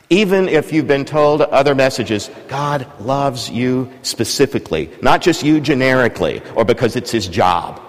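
A man's voice: mid-range voice, expressive, moderate pace. A man preaching a sermon in a large church, talking casually and drawing the congregation in with questions. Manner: conversational, engages congregation with questions. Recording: long church reverb.

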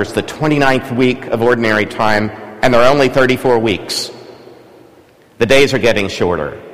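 A male preacher delivers a sermon in a relaxed, conversational way, regularly turning questions back to the congregation. His voice sits at an ordinary pitch for a man. The sound carries a long reverb from a large church.

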